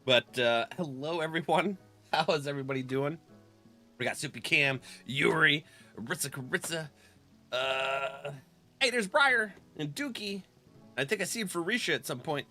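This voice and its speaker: Bright-voiced chatty male streamer. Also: fairly high pitch, moderate pace, soft background music. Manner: chatty, laughs often between remarks; greets viewers by name. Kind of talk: casual live-stream chat.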